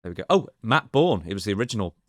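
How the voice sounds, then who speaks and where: A man's voice: fairly low pitch, very animated, rapid-fire, no echo, clean studio sound. A man co-hosting a casual chat, giving facts in a matter-of-fact way. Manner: matter-of-fact, gives details. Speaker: co-host.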